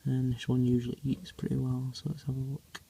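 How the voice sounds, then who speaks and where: Narrating his tarantula feedings casually on a home vlog, a man talks fairly quickly in a completely flat, mid-pitched voice with gravelly fry. He rambles, fills gaps with ums and hesitations, and goes quiet when he leans in near the animals.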